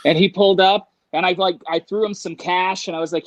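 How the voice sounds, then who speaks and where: A man telling a story in casual conversation, animated, acting out voices and laughing as he goes. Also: high voice, fast talker, no room sound, muffled recording. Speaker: guest.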